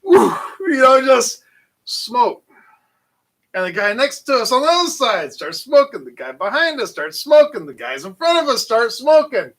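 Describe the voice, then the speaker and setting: A man casually telling a long, animated story full of fillers and restarts. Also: extremely high pitch, moderate pace, low-quality recording. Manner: animated, rambling anecdote with frequent fillers. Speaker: channel host.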